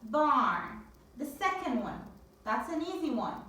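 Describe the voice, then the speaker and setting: A woman teaching a phonics lesson to young children, with drawn-out, sing-song repetition drills. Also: high voice, big pitch swings, a bit bright, distant mic. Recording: very echoey room, voice from off-mic.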